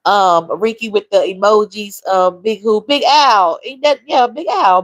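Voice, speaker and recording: A woman's voice: medium pitch, measured pace, no echo, low-quality recording. A woman, talking openly and emotionally while reading out viewer comments. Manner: emotional, reads viewer comments aloud, drawls. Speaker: livestream host. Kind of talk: casual live-stream chat.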